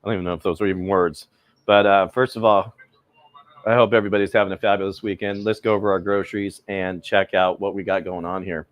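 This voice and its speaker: A man's voice: low-pitched, steady tone, fast talker, dry recording. A middle-aged man hosting a live cooking stream, rambling casually and greeting viewers by name, a little cold.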